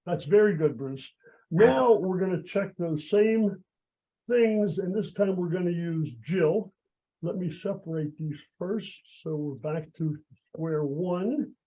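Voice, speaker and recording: A man's voice: a little high, dark tone, rough recording. A man performing a live magic act by video call, chatty and encouraging, with a cold that is making him lose his voice.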